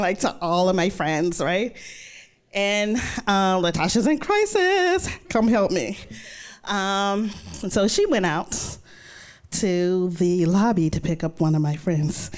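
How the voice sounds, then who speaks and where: Lively woman telling a personal story. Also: on the low side. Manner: animated, quotes her own thoughts in raised voices.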